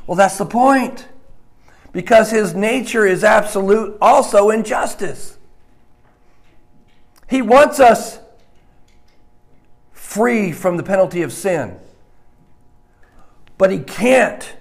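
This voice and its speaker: Man, pastor, sermon, slow deliberate delivery, slightly high voice, emphatic hushed-to-loud swings. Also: animated, vocal fry. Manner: emphatic, swings between loud stresses and hushed low lines.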